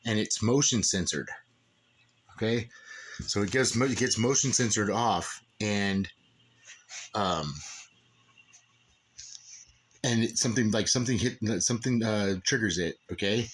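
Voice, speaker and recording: Rambling, emphatic man with a low voice. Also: normal speed, slightly rough. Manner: rambling and emphatic, repeating "okay?" and "dude". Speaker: father telling a personal story. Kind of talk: casual spoken monologue.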